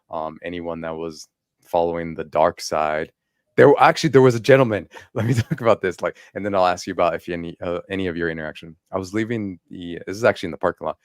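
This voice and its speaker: Deep-voiced man, dry close recording. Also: no room sound. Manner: animated storyteller, acts out quoted lines, laughs often. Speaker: podcast co-host. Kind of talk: casual chat.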